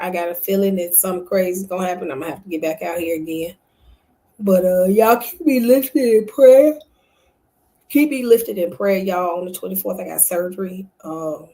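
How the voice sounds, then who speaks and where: A woman's voice: fairly low pitch, warm tone, poor audio. A woman hosting a casual late-night livestream from home, tired and sleepy, chatting directly to her viewers. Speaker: channel host.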